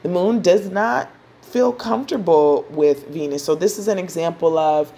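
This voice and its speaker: A woman with a lowish voice explains astrology in a relaxed, playful manner, checking in with listeners as she goes. Her delivery is chatty and casual. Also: normal speed, breathy edge. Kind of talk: casual teaching.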